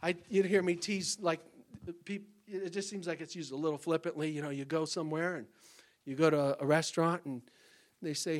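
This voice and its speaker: A man delivering a sermon in a noticeably high voice. He preaches with animated energy, breaking into exclamations and acting out small conversations to make his points. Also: brisk. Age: adult parent. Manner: animated, exclaims and acts out little dialogues. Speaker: pastor.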